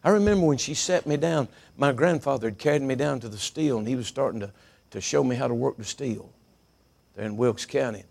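A middle-aged preacher man delivers a sermon in a gravelly, crackling voice. He tells folksy stories and doubles his words for emphasis. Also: mid-range voice, a little fast, a little mellow.

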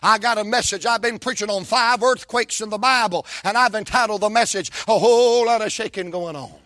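A man preaching a sermon, folksy and dramatic, swinging from shouts to whispers. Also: high voice, fairly quick, no room sound.

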